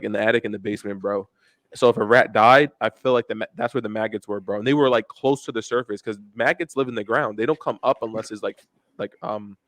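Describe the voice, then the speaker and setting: A man's voice: medium pitch, dry recording. Young man telling rambling, cursing stories. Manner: rambling storytelling, full of profanity and "bro". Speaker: podcast co-host. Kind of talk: casual podcast chat.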